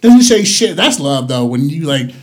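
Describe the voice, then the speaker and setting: A young man telling a long story in casual, profane chat, rambling and loudly acting out the quotes. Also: on the high side, sing-song, normal speed.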